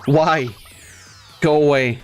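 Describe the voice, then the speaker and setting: A man's voice: fairly high pitch, fairly even intonation, slow pace. Crude ranting man over game music. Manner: crude, ranting, sarcastic, profane. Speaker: let's play host. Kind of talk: gameplay commentary rant.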